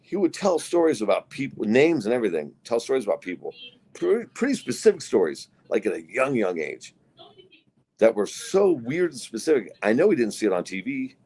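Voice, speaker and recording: A middle-aged podcast co-host tells profane stories in a casual show, acting out the voices of the people in them. His mid-range voice is very animated, fairly quick, darkish and husky.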